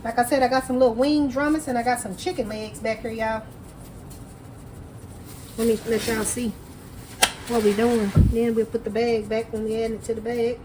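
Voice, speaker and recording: A woman's voice: on the high side, level tone, moderate pace, pauses often, noisy background. A woman chatting folksily to viewers while she prepares food in her home kitchen. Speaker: home cooking vlogger. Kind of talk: casual cooking chat to camera.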